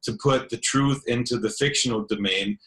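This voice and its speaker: A man, a film director, interviewing an author over a video call, speaking haltingly with many restarts. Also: mid-range voice, a bit bright, reverberant, poor audio. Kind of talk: online interview.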